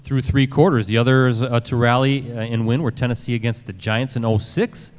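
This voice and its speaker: A man's voice: medium pitch, steady tone, a little fast, long reverb tail. A man hosting a live sports talk show, moving to a break and reading out stats. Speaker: host.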